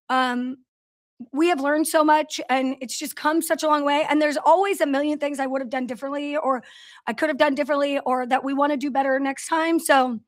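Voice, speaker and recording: High-voiced chatty woman livestream host. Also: fairly bright tone. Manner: chatty storyteller, greets viewers by name. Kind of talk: casual livestream chat. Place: office in a large factory building.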